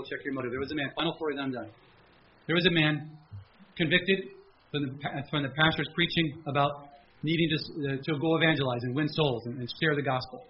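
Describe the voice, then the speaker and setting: A man preaching a sermon as pastor at a church service, animated, with a raised pleading voice when he acts out prayers. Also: fairly high pitch, dull audio, a little hiss or hum.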